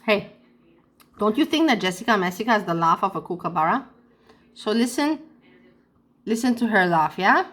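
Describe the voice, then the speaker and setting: A woman's voice: mid-range voice, lively intonation, moderate pace, pauses often, fairly bright tone. A woman vlogger chatting casually and playfully to her viewers. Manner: playful, teasing. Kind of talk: casual chat to camera.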